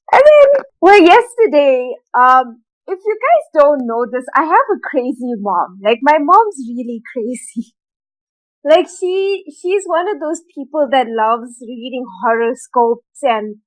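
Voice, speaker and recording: A woman's voice: sits high, big pitch swings, takes it slowly, poor audio. A woman co-hosting a podcast, telling a story in casual chat and laughing often as she talks. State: tired and grouchy from a broken nap. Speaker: podcast co-host.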